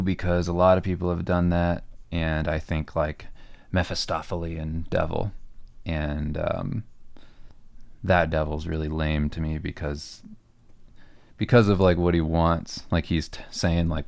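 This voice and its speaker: Very deep, gravelly-voiced man chatting casually. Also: measured pace, no echo. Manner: relaxed, rambling with many fillers. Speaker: comic artist and podcast co-host. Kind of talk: casual livestream chat answering viewer questions.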